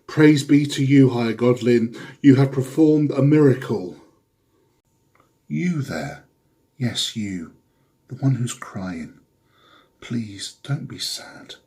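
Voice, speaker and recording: Man doing a fake preacher bit, slow solemn sermon voice, low n husky. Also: lively intonation, warm tone. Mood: preachy. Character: grandiose male fake preacher. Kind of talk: comedy sketch.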